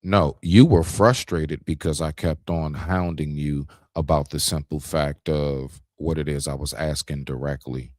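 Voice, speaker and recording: A man's voice: very deep voice, a little slow, few pauses, no room sound, studio quality. A man co-hosting a talk stream, arguing his point in a heated, emphatic casual debate. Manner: animated, confrontational, emphatic, demonstrates raising his voice.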